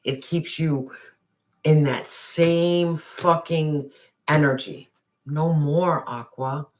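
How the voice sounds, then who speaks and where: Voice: mid-range voice, steady tone, extremely slow. A tarot reader giving an intense, emphatic reading to a viewer, with slangy address and swearing, sometimes dropping to a whisper. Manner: drops to a whisper on some phrases.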